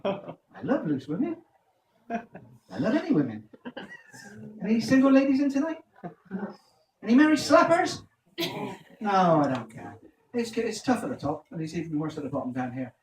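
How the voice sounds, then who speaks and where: A man's voice: high voice, huge pitch swings, moderate pace, pauses often. A man doing a stand-up comedy set, telling punchy jokes and quizzing the audience. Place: live comedy venue. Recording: echoey, distant, noisy room recording.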